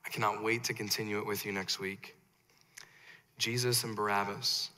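A man preaching a sermon as pastor, impassioned, rising loud then dropping low. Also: little pitch movement, normal speed, in a large hall.

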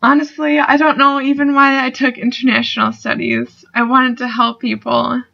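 In a dull lo-fi clip, a young adult student vlogger talks off the cuff in a video reply, wandering with filler words and casual cursing as her emotions start to rise. She has a high, creaky voice with little pitch movement and a moderate pace.

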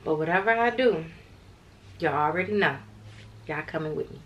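Chatty tired woman vlogger, low voice. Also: normal speed, dull audio, slight background noise. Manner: chatty, rambling, addresses viewers as y'all. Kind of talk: casual vlog chat to camera.

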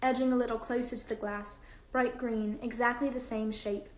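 A woman's voice: a little high, little pitch movement, moderate pace. Woman reading a novel aloud, roomy room. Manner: unpolished reading with fillers and self-corrections. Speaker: livestream host reading aloud.

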